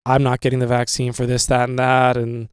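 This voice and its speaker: Young man, casual podcast host, rambling, profane, smooth clear voice, mid pitch, dry close mic. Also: monotone, a little fast, dry recording. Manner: rambling, profane, with many fillers.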